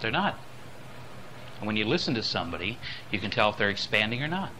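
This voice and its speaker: A man teaching a lecture on voice and speaking, dropping low and soft, then rising loud to show his points. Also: very animated, fast, a little hiss or hum. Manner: demonstrates voices, swings between soft and loud. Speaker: spiritual voice teacher. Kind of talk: recorded lecture on voice.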